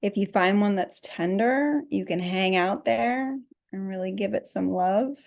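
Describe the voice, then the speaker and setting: Female meditation teacher, gentle guiding delivery, mid-range voice with some vocal fry. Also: mid-range voice, measured pace. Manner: soft, gently guiding, laughs at herself. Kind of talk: guided meditation instruction.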